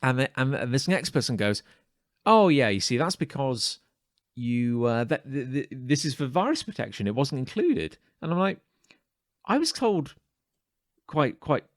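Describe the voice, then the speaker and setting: A man's voice: medium pitch, big pitch swings, normal speed, no echo, studio quality. A man co-hosting a casual podcast chat, telling a story animatedly, acting out the quoted exchanges and stumbling over restarts as he builds it up. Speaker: podcast co-host.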